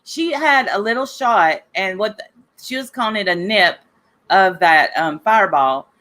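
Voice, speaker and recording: A woman's voice: mid-range voice, expressive, moderate pace, pushed and bright. A woman hosting a casual talk show, rambling and gossiping to listeners while sick with a cough. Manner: rambling, chatty, addresses listeners directly. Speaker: podcast host.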